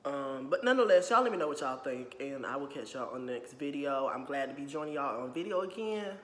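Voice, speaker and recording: A young man talks to his viewers in a heated, blunt vlog rant, swearing freely and leaning on "you know what I'm saying" after nearly every line. His voice sits at a middling pitch. It rings with echo and a long tail of reverb from a bare room. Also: lively intonation, fairly quick, a bit bright. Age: young adult. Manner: blunt and profane. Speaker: YouTuber. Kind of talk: casual opinion vlog.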